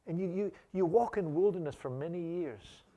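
A man with a somewhat high voice, preaching a sermon. He is emphatic and conversational and often repeats himself as he tells stories to the congregation. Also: normal speed, dark tone. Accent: non-local accent, not Australian. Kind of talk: sermon with personal storytelling.

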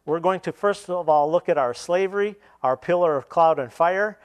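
Man preaching a sermon, slightly high voice. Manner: retells scripture, then explains with pauses and restarts.

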